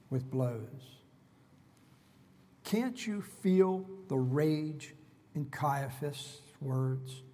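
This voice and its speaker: Dramatic preacher in a reverberant hall. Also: male voice, high-pitched, slightly rough. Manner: dramatic, emphatic storytelling. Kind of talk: expository sermon.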